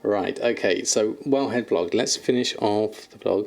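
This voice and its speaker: A man's voice: fairly low pitch, normal speed, hardly any pauses, a little mellow, faint music behind. A man streaming from home, chatting casually with viewers and cooing affectionately at his kittens, laughing often. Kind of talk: casual live-stream chat. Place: at home, indoors.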